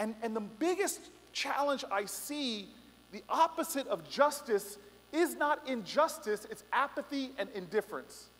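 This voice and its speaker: A man's voice: high voice, fairly bright tone. A middle-aged man giving a passionate, rousing speech at a student rally, mixing stories with emphatic appeals. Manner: passionate, building to emphatic peaks, storytelling asides. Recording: echoey hall reverb.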